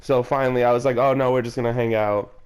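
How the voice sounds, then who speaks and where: Smooth-voiced young man rambling in game chat. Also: medium pitch, steady tone, quick pace, a little mellow. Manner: rambling storytelling, swearing, calls friend bro. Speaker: player chatting with a friend. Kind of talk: casual chat during a game.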